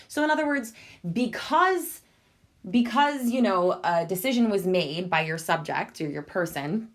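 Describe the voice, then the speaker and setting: A woman teacher talks her class through an online lesson at a mid pitch. She explains things one step at a time and keeps pausing to check in with her listeners. She sounds patient and instructive. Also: fairly bright tone. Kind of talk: recorded e-learning lesson over a screen walkthrough.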